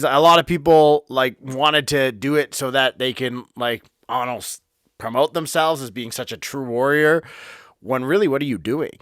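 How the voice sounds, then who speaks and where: A man's voice: mid-range voice, a bit bright, dry recording, studio quality. A man hosting his own podcast, talking bluntly and heatedly in a casual monologue from a home office, swearing as he goes. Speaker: podcast host.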